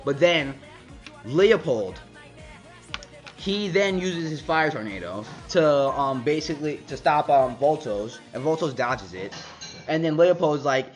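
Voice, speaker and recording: A man's voice: on the high side, lively intonation, measured pace, soft background music. A man casually recapping a comic chapter, rambling with many fillers and restarts. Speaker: manga reviewer.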